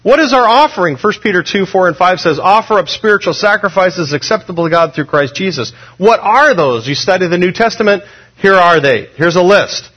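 A male pastor preaching a sermon in a conversational, animated way, with sudden loud rises. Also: high voice, brisk, low-quality recording.

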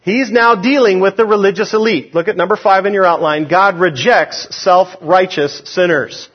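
A man preaching a sermon, emphatic, rising loud on key points and dropping low. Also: normal speed. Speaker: pastor. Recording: dull lo-fi sound.

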